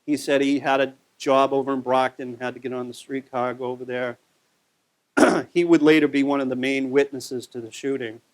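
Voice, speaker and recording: A man's voice: medium pitch, fairly even intonation, moderate pace. A man giving a conversational local history talk over a slide show, telling the story with plenty of fillers.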